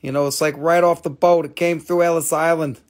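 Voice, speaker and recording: A man's voice: a little high, flat delivery, brisk, lightly acted. A man doing a brash, swearing New York-style rock dealer, joking through his sales patter.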